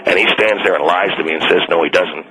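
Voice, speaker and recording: A man's voice: low-pitched, quick pace, sharp tone, poor audio. A man playing an indignant, fired mall Santa on a radio call-in, stubborn and self-righteous, rambling with restarts. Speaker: caller.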